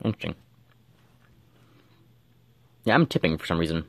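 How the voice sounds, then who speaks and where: A man's voice: deep voice, big pitch swings, rapid-fire, vocal fry, a bit bright, dry recording. A man giving casual gameplay commentary, thinking aloud and mumbling with fillers as he plays at home. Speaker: gameplay streamer.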